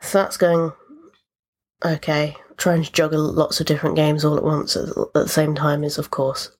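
A woman's voice: low voice, flat delivery, moderate pace, darkish tone. A woman hosting a podcast, chatting casually and rambling about the video games she has been playing. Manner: chatty, rambling with fillers and asides. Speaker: podcast host.

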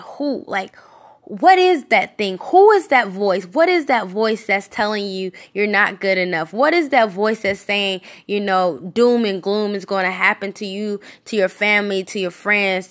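A woman's voice: medium pitch, a bit bright. Earnest woman giving a devotional podcast sermon. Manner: earnest, repeats questions with rising emphasis; casual fillers and self-restarts. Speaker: podcast preacher.

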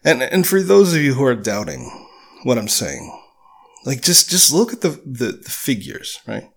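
A man's voice: medium pitch, big pitch swings, moderate pace. Blunt, candid man podcasting solo. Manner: candid, blunt, casual profanity. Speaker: podcast host.

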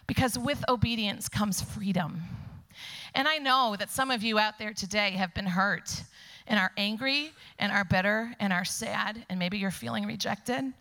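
Bright-voiced woman giving church testimony. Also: fairly high pitch, normal speed. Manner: animated storyteller who drops to soft whispers for emphasis. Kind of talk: personal testimony in a church service. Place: church sanctuary before a congregation.

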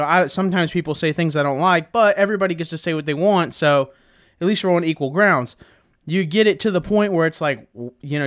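A young man with a high, reedy voice rants in a casual monologue, swearing freely and rambling through fillers and restarts. He swings between muttered asides and heated outbursts.

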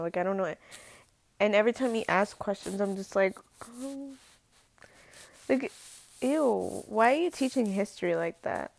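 A woman's voice: mid-range voice, vocal fry, a little mellow. A teenage girl talking casually to the camera, slangy and full of "like", drawling and exasperated. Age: teens. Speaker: student vlogger.

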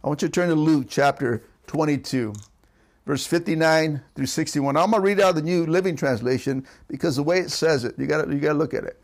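A man's voice: a little high, brisk. A man pastor preaching a sermon for an online service, calling repeatedly for amens and urging his listeners on. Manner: calls for audience response, repetitive and exhorting. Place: church service streamed online.

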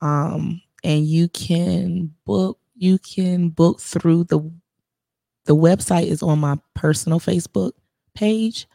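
A woman's voice: on the low side, slow pace, gravelly, no room sound, clean studio sound. A woman, a spa owner and esthetician, chatting casually as a guest and laughing often. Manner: laughs often, relaxed and encouraging. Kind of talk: casual interview chat.

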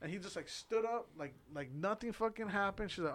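A man's voice: high-pitched, lively intonation, brisk, fairly bright tone. Rambling, profane young man telling a story. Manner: rambling, profane, filler-heavy, laughs often. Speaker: podcast co-host telling a story. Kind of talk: casual storytelling chat.

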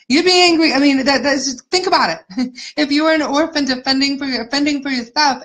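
A woman with a fairly high voice gives a conversational faith teaching. She sounds earnest and encouraging. She talks directly to her listeners and draws on her own life. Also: fairly quick, fairly bright tone, rough recording. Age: adult mother of four. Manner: earnest and encouraging, personal storytelling. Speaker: Christian ministry speaker.

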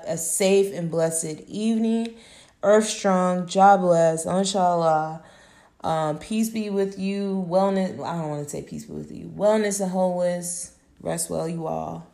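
A woman with a fairly low, warm voice wraps up a solo episode of her own podcast. Her sign-off is laid-back, profane, and affirming.

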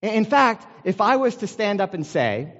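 American pastor preaching in a hall. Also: male voice, high-pitched, sing-song, normal speed, fairly bright tone. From United States. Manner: conversational storytelling with self-deprecating humor. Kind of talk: sermon. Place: large meeting hall. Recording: dull sound with long hall reverb.

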